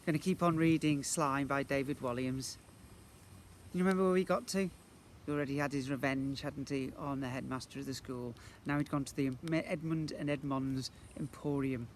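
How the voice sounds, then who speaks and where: A man, a primary school teacher, reading a children's book aloud in an expressive way. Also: mid-range voice, normal speed, slight background noise. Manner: animated, expressive storyteller.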